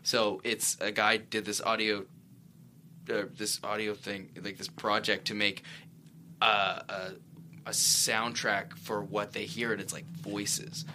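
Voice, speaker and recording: A man's voice: on the low side, flat delivery, takes it slowly, sharp tone, a little hiss or hum. A man, an actor guest, telling stories in a rambling, self-correcting way on a casual talk show. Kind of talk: casual interview chat.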